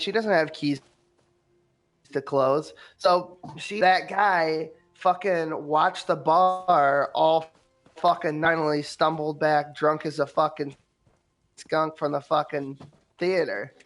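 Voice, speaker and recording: A man's voice: fairly high pitch, steady tone, takes it slowly, fairly bright tone, soft background music. A man co-hosting a podcast, telling stories bluntly and swearing constantly while gaming. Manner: profane, storytelling, blunt. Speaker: podcast co-host. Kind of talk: casual chat while gaming.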